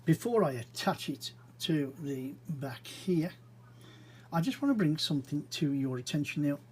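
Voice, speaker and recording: A man's voice: fairly high pitch, animated, slight background noise, low-quality recording. A man giving casual, rambling commentary as he narrates his own brick model build. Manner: chatty, rambling, unhurried, with frequent fillers.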